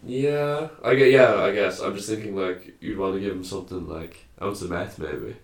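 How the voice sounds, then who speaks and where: A man's voice: deep voice, normal speed. A young man co-hosting a podcast, joking and laughing through casual stories. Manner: laughing, jokey storyteller. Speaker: podcast co-host. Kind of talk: casual banter. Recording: echoey room.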